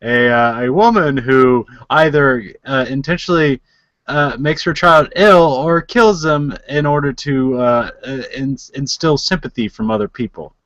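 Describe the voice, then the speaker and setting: A man's voice: mid-range voice, a little slow, a bit bright, no echo, dull audio. A man co-hosting a podcast in casual chat, laughing often and explaining with lots of fillers. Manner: giggly, chatty, filler-heavy explaining. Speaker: podcast co-host.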